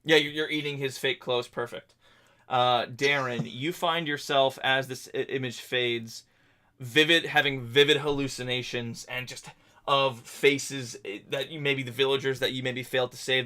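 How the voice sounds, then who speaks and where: Acting as game master for a tabletop game, a man narrates the scene haltingly and descriptively. His medium-pitched voice is bright and forceful.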